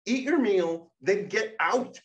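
A man putting on a loud, stern Shadow. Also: sits high, lively intonation, slow, echoey room, distant mic, highs cut off, pitched above the performer's own voice. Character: stern, forceful male alter named Shadow.

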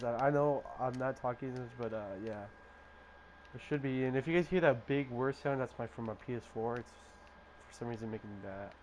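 A young man casually chatting to his gaming channel in a low-key, halting way with many fillers. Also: a little mellow. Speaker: gaming vlogger. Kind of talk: casual vlog chat. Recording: clear background noise.

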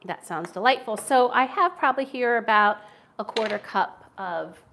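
A woman's voice: a little high, animated, moderate pace, bright, forceful tone, slight background noise. Chatty american woman cooking at home. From United States. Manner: chatty and self-deprecating, talking while she cooks. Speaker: cooking livestream host. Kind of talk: casual cooking livestream chat. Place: home kitchen.

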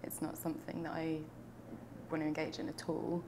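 A woman's voice: sits low, monotone, brisk, warm tone, slight background noise. A young woman from London, talking reflectively in an oral history interview, with frequent fillers and restarts. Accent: London English. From United Kingdom.

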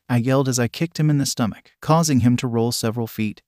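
A man's voice: medium pitch, fast talker, hardly any pauses, dry recording. Dry, evenly paced male story narrator. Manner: even, flat delivery that reads sound effects letter by letter. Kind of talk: first-person fan fiction reading.

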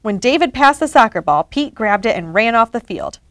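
A woman reading a children's picture book aloud, expressive and animated. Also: a little high, moderate pace, dry recording. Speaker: story reader.

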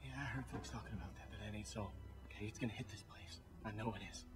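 A man's voice: lowish voice, fairly even intonation, fast talker, lightly acted. A man playing a weary young man. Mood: urgent. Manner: hushed, urgent and hesitant. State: exhausted from no sleep. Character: weary young man sneaking in to help captives. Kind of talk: video game voice acting. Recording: game audio with music behind.

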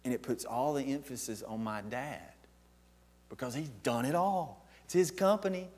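A man's voice: mid-range voice, moderate pace, a little mellow. A man preaching a sermon as pastor, emphatic and posing questions to the congregation.

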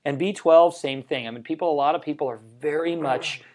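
Here the health-show co-host sounds a little high and a little fast, with a darkish tone. The talk is casual health chat on a livestream, delivered with enthusiasm, jokes between points, and personal anecdotes.

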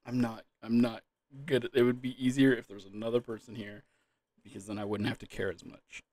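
A man's voice: medium pitch, flat delivery, a little fast, a little mellow, dry recording. A man talking casually in a solo video with a dry mouth, repeatedly losing his composure in fits of laughter, recorded close to the microphone. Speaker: gaming video creator. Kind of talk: casual solo vlog talk.

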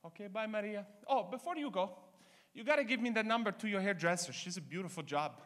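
A woman's voice: medium pitch, lively intonation, brisk, fairly bright tone, long reverb tail, voice pushed up, natural voice. A man doing a sly old Italian mother. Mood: sweet-false. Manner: sing-song, backhanded, broken English. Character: nagging older Italian immigrant mother, passive-aggressive.

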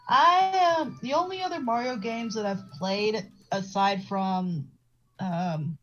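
A woman's voice: mid-range voice, unhurried, darkish tone, dull audio, soft background music. A woman chatting eagerly about games with friends on a stream. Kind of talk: casual chat with friends on a stream.

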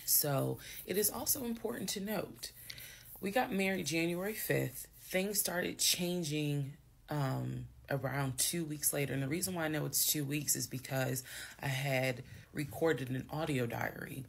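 A woman with hiccups calmly telling the story of her marriage in a measured, steady way, with pauses and fillers. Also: a bass voice, vocal fry, a little hiss or hum. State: has the hiccups. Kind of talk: storytelling monologue.

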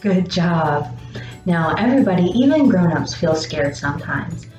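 A woman teaching young children about feelings, speaking slowly and encouragingly and pausing for their answers. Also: lowish voice, sing-song, darkish tone. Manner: slow, encouraging, pauses for answers. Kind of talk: gentle lesson for young children. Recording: dull roomy sound with faint music.

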